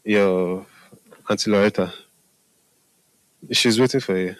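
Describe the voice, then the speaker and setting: A man's voice: on the low side, slow pace, no room sound, low-quality recording. A man preaching a sermon in a conversational way, often asking his listeners if they are following. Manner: conversational, repeats "Hallelujah" and "are we together?" to the audience.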